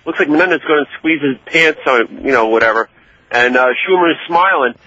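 Bright husky New caller. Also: male voice, on the high side, brisk. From New York. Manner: chatty, agreeing. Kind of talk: call-in talk radio. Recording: dry lo-fi call audio.

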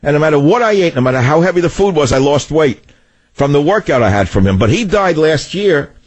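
A loud, combative man with a New York accent holds forth on a talk radio show, rambling from one grievance to the next. His voice is slightly husky and close on a dry studio mic. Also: a little high, lively intonation, brisk, no echo.

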